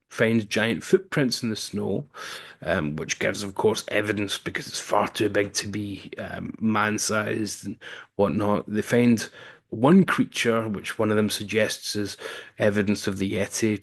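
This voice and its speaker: A man's voice: on the low side, steady tone, measured pace. A man casually recapping a film's plot as a reviewer, with wry asides and frequent um fillers. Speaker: film reviewer.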